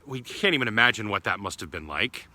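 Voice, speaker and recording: A man, an Orthodox priest, giving a short homily as a gentle, affectionate storyteller. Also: lowish voice, expressive, quick pace. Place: church grounds.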